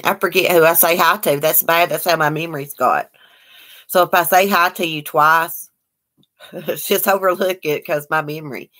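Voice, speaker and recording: A woman's voice: on the low side, vocal fry, a bit bright. A woman hosting a casual livestream, greeting viewers by name and chatting about their comments. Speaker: livestream host.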